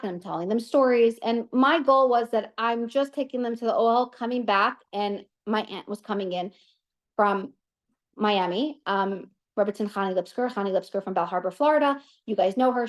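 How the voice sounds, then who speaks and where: A woman giving a talk as guest speaker, telling a personal story in a chatty, animated way with many restarts and side notes. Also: fairly high pitch, fairly quick.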